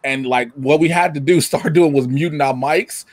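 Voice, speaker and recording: A man talks casually from his home recording setup, spinning animated stories and swearing freely. His voice sits a bit high, and he jumps up loud whenever he acts out other people's lines. The sound is close and dry, with no room echo. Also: moderate pace. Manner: animated storytelling, acts out quotes loudly, swears a lot. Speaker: guest. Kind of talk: casual chat. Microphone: computer mic or camera.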